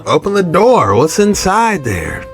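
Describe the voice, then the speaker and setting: Curious man with lively questioning voice. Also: high-pitched, soft background music. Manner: curious, quick rhetorical questions. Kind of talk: casual reaction commentary.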